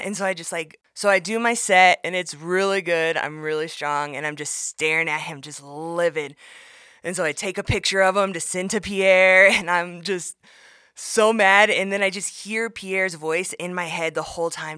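Woman caller, bright voice, lively recorded story, dry sound. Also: fairly low pitch, fairly quick, clean tone, dry recording. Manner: animated storytelling, acting out her own quotes. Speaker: listener sending in a voice message. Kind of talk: recorded voice message telling a story.

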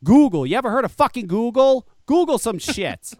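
High, animated man ranting profanely. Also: normal speed, no room sound, clean studio sound. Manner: angry, profane ranting with mocking quoted voices. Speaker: live show host. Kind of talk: profane ranting talk show.

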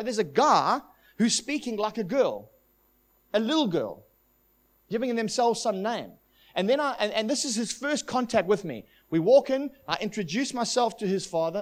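A man with a high-pitched voice preaches to a congregation. He tells a long testimony in an animated, storytelling way and quotes the people in his story. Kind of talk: sermon with testimony.

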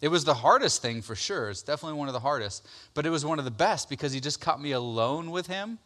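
A man in his thirties, a pastor, giving a conversational personal testimony sermon, full of fillers and repeated words, getting loud and excited as he retells his story. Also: a little high, quick pace.

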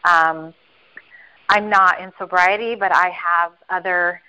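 Bright-voiced woman hosting a group call. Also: lowish voice, fairly even intonation, slow, smooth. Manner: earnest, talks of God, many fillers. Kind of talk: faith-filled group call sharing. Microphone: video call. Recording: lo-fi video call audio.

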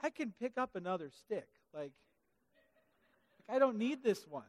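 A man preaching a sermon in a church hall, animated and comic, acting out the Bible characters in funny voices. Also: high-pitched, moderate pace. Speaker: pastor. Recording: hall reverb.

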